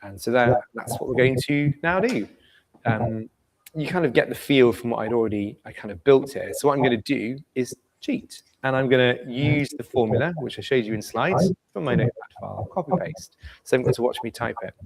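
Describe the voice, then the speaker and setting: A man gives a live software demo at a meetup. He talks casually as he clicks through and asks the room for thoughts. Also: mid-range voice, brisk, vocal fry, poor audio. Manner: relaxed and chatty, asks the room questions. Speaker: presenter at a community meetup. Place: meeting room in front of an audience.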